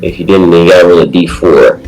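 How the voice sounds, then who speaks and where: Game master, male, very low voice, unhurried narration; faint music under. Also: darkish tone, poor audio.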